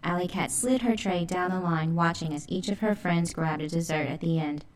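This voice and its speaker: A woman with a somewhat low voice reads a children's storybook aloud, lively and expressive, at a moderate pace.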